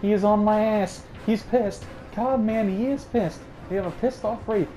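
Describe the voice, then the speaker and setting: A man commentating his game with a friend, swearing a lot and swinging between low mumbling and high yells. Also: normal speed, over music. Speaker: gamer streaming with a friend. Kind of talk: excited gaming commentary with swearing.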